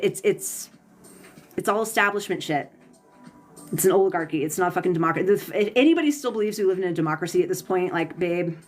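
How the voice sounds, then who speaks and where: A woman reading tarot on a livestream, venting heatedly and profanely as she answers viewers' comments, stumbling and restarting her sentences. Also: medium pitch. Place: home, Pacific time zone.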